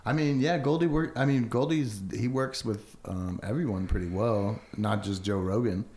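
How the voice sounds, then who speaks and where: Man, podcast co-host, low voice, halting delivery with fillers, casual chat. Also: a little mellow. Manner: halting, full of fillers and restarts.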